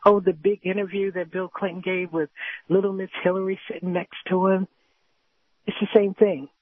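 A woman's voice: medium pitch, flat delivery, normal speed, breathy edge, no echo. A woman calling in to a talk radio show, indignant and talking over the host. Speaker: caller. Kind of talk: call-in complaint on talk radio. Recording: tinny phone line.

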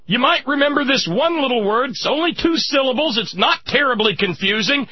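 A man giving impassioned political commentary, sarcastic and indignant, rising to shouts. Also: extremely high pitch, expressive, normal speed, hardly any pauses, breathy edge, dry recording, muffled recording.

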